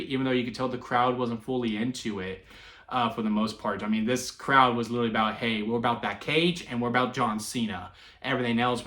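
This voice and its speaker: Recorded in a roomy, echoey space, a Texan man reviews a wrestling event on his own in a chatty, animated style. He laughs frequently, restarts sentences, and leans on fillers, his voice pitched in the ordinary middle range.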